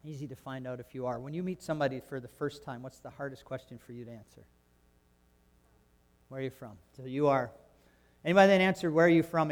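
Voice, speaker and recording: Male pastor, raised in Canada, fairly high voice; emphatic sermon delivery, reverberant sanctuary. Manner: emphatic, swings between soft asides and loud exclamations.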